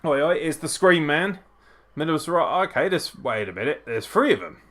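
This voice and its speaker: A man hosts a live wrestling watchalong, chatting casually and swearing as he reacts excitedly to the action. His voice sits fairly high and he talks fairly quickly.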